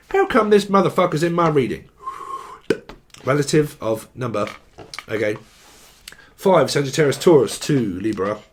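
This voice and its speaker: A man's voice: medium pitch, a little mellow, a little hiss or hum. A man giving a casual tarot reading, crude and joking, laughing often. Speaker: tarot reader.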